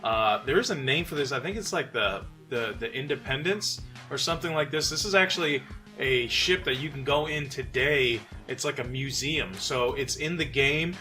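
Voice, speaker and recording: A man from New York hosting a casual gaming commentary, relaxed and chatty with frequent fillers. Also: medium pitch, moderate pace, soft background music. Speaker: channel host.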